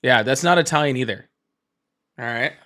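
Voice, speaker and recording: A man's voice: mid-range voice, pushed and bright. Chatty man rambling on a livestream. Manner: rambling, chatty, greets viewers, quick asides. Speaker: livestream host. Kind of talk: casual live-stream chat.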